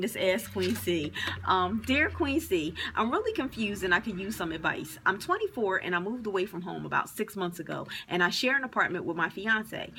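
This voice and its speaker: A woman's voice: mid-range voice, pushed and bright, slight background noise. A woman in her forties giving frank, chatty advice on her vlog, with plenty of fillers. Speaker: advice vlogger.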